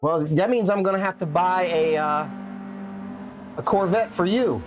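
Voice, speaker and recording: A man's voice: sits high, a little slow, lo-fi sound, over music. A man streaming a racing game live, chatting playfully with his viewers and his cats. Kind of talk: casual live-stream chat while gaming.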